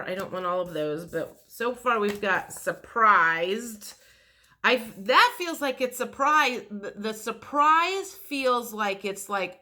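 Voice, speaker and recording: A woman giving a tarot reading in a chatty way, repeating words and acting out the excited reactions she describes. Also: medium pitch, measured pace. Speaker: tarot reader. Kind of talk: intuitive tarot reading monologue.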